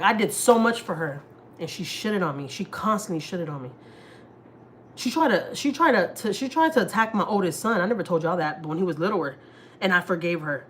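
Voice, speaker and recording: A woman talks on a casual family livestream, her voice sitting on the low side. She speaks frankly and heatedly, swearing freely as she vents. A faint background hum sits under the voice. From Houston, Texas. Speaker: family vlogger. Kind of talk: casual live-stream chat.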